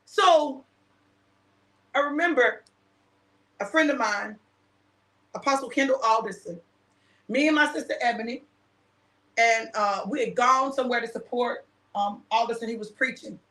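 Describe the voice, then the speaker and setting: Hosting a relaxed conversation, a woman minister and show host shares a personal anecdote, laughing and performing the lines she quotes. She talks at normal speed with frequent pauses, in a fairly high, somewhat bright voice that sounds reverberant.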